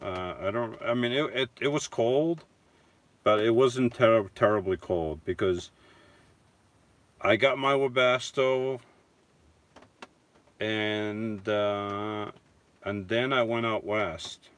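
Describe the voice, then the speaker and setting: A man's voice: fairly low pitch, slow pace, long pauses, a bit bright. A man casually chatting on a live stream from inside his van, reading viewer comments and answering in a rambling, self-correcting way with chuckling asides. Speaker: vlogger reading live chat.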